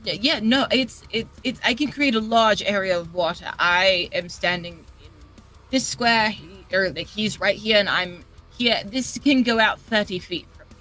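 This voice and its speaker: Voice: medium pitch, moderate pace, pushed and bright, faint music behind, rough recording. Hesitant player in a tabletop game. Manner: hesitant, filler-heavy. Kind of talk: casual game talk.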